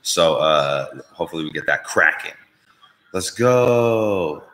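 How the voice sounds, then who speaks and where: A man's voice: deep voice, animated, takes it slowly, fairly bright tone, rough recording. A man hosting a live-stream show, chatting casually in a profane, rambling, jokey way. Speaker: podcast host.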